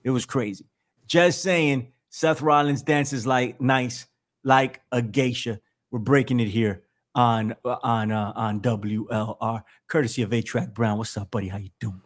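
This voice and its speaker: A man hosting a podcast in casual chat, animated and jokey, laughing often as he riffs. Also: mid-range voice, unhurried. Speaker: podcast host.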